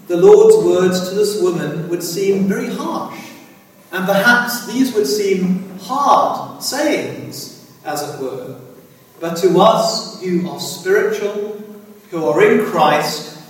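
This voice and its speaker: A man preaching a sermon, slow and halting, often saying "as it were" and "dear friends". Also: sits high, very animated. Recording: echoey hall from far off.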